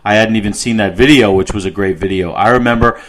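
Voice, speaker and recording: A man's voice: fairly low pitch, fast, fairly bright tone, poor audio. A middle-aged man co-hosting a music podcast, telling rambling stories with restarts and an easy laugh. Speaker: podcast co-host. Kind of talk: casual music podcast chat.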